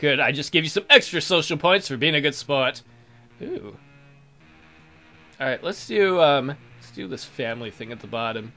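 A man's voice: a little high, lively intonation, fairly quick, hardly any pauses, pushed and bright, soft background music. A man hosting a let's play, reading the game's text aloud and adding wry, sarcastic asides. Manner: wry, sarcastic running commentary.

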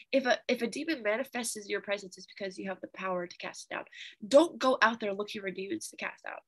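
Young woman w/ a bright tense voice, chatty bible study story, lots of "like". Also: mid-range voice. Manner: animated, chatty, with laughs and fillers.

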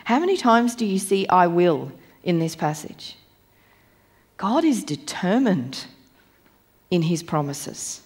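A woman with a somewhat low voice delivers a church sermon. She reads scripture aloud in a measured, deliberate way. She slows down and presses on the key phrases. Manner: measured, emphatic reading with slowed key phrases. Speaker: preacher.

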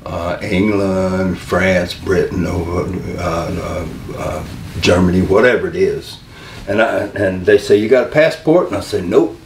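Older man, Southern drawl, folksy and animated, echoey room, mic at a distance. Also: sits low, unhurried, slight background noise. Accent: Southern American. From Southern United States. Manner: folksy, animated storyteller who acts out quotes. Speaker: interview guest, former wrestling manager. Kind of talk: storytelling interview.

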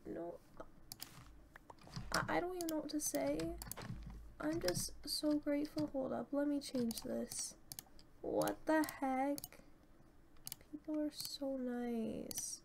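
A young woman casually commenting on her own gameplay, chatty and excitable, gushing with thanks. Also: high voice, takes it slowly, gravelly, pauses often. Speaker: gaming channel host. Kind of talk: casual let's-play commentary. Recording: noisy home recording.

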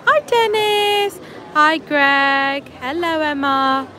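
A woman's voice: high-pitched, expressive, drawn-out words. A woman hosting a casual outdoor livestream, greeting viewers by name and teasing her co-host. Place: outdoors at a theme park. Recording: outdoor phone stream with crowd noise.

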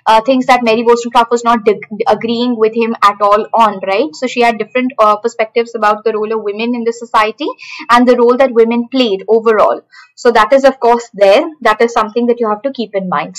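A woman teaching a live online class for exam preparation. Her voice sits a little higher than most. She drills each answer by repeating it and reads out students' names one after another. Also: fairly bright tone, rough recording. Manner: repeats key points, calls out students' names.

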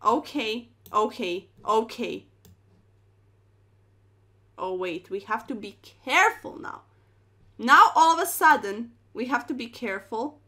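Young woman streaming chess, playful slang, big dramatic reactions, high voice. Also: animated, slow, long pauses, pushed and bright. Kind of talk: live chess commentary.

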